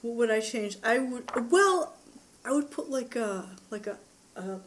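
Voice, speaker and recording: A woman's voice: on the high side, animated, a little slow. Giggly woman podcast co-host. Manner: giggly, reading out recipes. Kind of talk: casual chat, book review.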